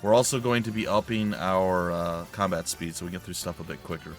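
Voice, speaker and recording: Brief: chatty male let's player, lowish voice, faint music behind. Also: level tone, a little fast. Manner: rambling, chatty, self-correcting. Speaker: let's play host. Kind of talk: casual gameplay commentary.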